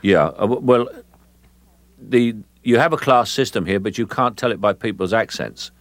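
A middle-aged man with a Cockney accent, a guest in a radio interview, talking in a halting way with many fillers and restarts. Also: on the low side, no room sound. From England.

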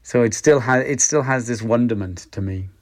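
A middle-aged man with a Welsh accent talks through an interview at an ordinary pitch. He is reflective and hesitant, circling back and restarting phrases as he works out his thoughts. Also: normal speed. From Wales. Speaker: actor guest. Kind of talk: interview conversation.

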